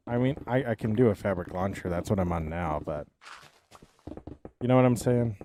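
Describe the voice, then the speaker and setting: Mellow low-voiced streamer man rambling. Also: normal speed, a little hiss or hum. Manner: rambling, thinking aloud, trails off with "so". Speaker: live streamer. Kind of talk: casual live-stream chat.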